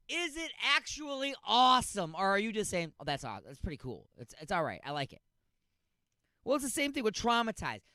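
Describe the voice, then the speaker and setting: A man's voice: mid-range voice, a bit bright, no room sound. A man hosting a radio show, giving a sarcastic, rambling comic rundown of odd news stories. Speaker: radio host.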